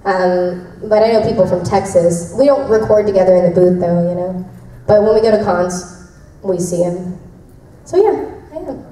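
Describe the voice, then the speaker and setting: A voice actress telling convention fans behind-the-scenes stories in a giggly, rambling way. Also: female voice, lowish voice, moderate pace, mellow. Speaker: voice actress answering fan questions. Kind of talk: casual convention Q&A. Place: convention panel room. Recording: echoey room from far off, faint noise.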